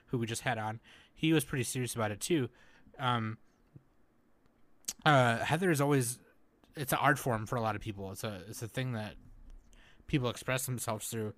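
Bright-voiced joking man hosting a podcast. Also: mid-range voice, dry recording. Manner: joking, loud mock scolding. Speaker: podcast host. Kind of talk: casual podcast chat.

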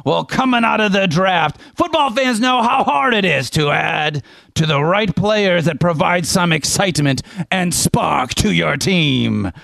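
A man's voice: sits high, lively intonation, a little slow, creaky, a bit bright, no room sound, full character voice. A man doing a comic pirate captain voice for an ad read, drawn out and full of pirate slang. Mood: hammy. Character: boisterous male pirate captain, hammy and jolly.

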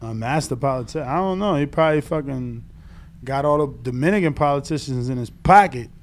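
A man co-hosting a podcast in casual, profane chat, dropping to mumbles and then bursting out loud. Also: medium pitch, expressive, brisk. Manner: loose, profane, swings between mumbling and loud outbursts. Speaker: podcast co-host.

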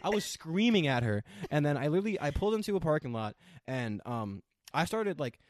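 A young man telling a story in casual chat, profane and animated, acting out quoted lines. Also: fairly high pitch, fairly quick, slight background noise.

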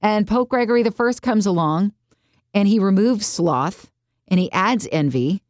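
A woman's voice: medium pitch, animated, measured pace, a little mellow, no echo, studio quality. A woman co-hosting a faith podcast, explaining church history in a chatty, easygoing way. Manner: chatty, explanatory, laughs easily. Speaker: podcast co-host. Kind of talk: casual faith podcast chat.

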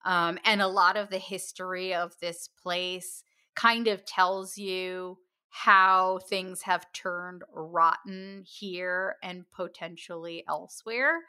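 Slow-talking bright-voiced woman podcast host. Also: on the low side, fairly even intonation, smooth. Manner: unhurried, self-deprecating about pronunciation. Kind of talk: casual book-review chat.

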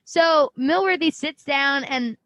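A woman's voice: sits high, slow pace, a bit bright, no echo. Playful woman recapping a show. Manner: casual, playful. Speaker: podcast co-host. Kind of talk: casual chat recapping a show.

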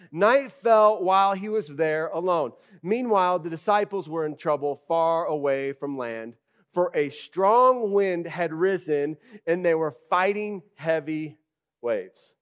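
A man preaching a sermon as pastor in an animated, conversational way, rising to loud bursts and using casual fillers like "okay" and "right". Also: sits high, unhurried.

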